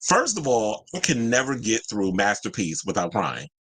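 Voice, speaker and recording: A man in his forties hosting a casual pop-culture chat, sassy and animated, swinging his pitch up into exclaimed asides. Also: normal speed, slightly rough, no echo. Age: 40s. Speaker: podcast host.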